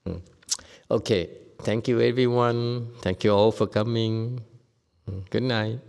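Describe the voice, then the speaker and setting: A man teaching a Buddhist Dharma lecture, telling stories in a lively way and acting out the people he quotes. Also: mid-range voice, a little slow, creaky, smooth, in a large hall. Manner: lively storytelling, acts out quoted speakers, laughs often. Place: Buddhist meditation hall.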